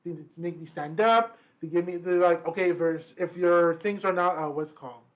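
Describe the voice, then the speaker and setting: High-voiced man telling a story. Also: fairly quick. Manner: animated storytelling, frequent slang and swearing. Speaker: podcast co-host. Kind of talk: casual chat.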